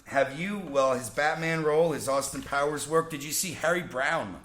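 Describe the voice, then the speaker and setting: A man's voice: fairly high pitch, moderate pace, a bit bright. A man from Pennsylvania co-hosting a podcast, chatting casually in a boisterous, joking way and swearing freely. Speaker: podcast co-host. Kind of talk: casual chat. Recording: echoey room.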